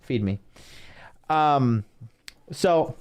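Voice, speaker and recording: A man's voice: mid-range voice, lively intonation, drawn-out words, darkish tone, clean tone, lo-fi sound. A man hosting his own stream as a dating coach, ranting in a profane, boastful, rambling way. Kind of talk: ranting livestream monologue.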